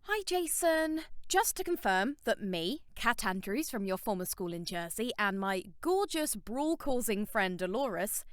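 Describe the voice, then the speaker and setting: A woman narrating a teen novel audiobook in the first person, wry and expressive. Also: medium pitch, measured pace, few pauses, clear, resonant tone, no echo, clean studio sound.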